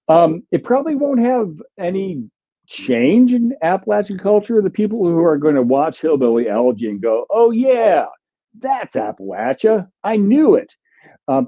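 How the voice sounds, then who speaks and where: A man's voice: mid-range voice, warm tone, lo-fi sound. A man, a language scholar, answers viewer questions in a livestream with a thoughtful, explanatory manner and frequent ums. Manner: explanatory, many ums and restarts. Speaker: guest linguist author.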